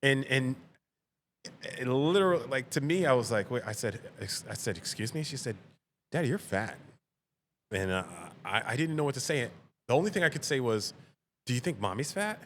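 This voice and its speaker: A man, a veteran and father, guesting on a casual podcast and telling animated stories that act out family dialogue, laughing often. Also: mid-range voice, a little fast, slight background noise.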